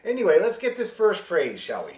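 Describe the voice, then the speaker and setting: A man teaching a fiddle class over a video call, explaining rhythm in a friendly, joking way and singing the beats out loud. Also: high-pitched, huge pitch swings, brisk, echoey room. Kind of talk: online music lesson, explaining and demonstrating.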